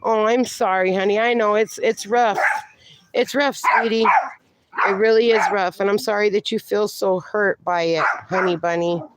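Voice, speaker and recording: A woman's voice: mid-range voice, steady tone, heavy background noise. A middle-aged woman hosting a casual livestream outdoors in her backyard, talking affectionately and reading viewers' comments aloud on a phone. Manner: slow, affectionate, reads chat comments aloud. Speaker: livestream host.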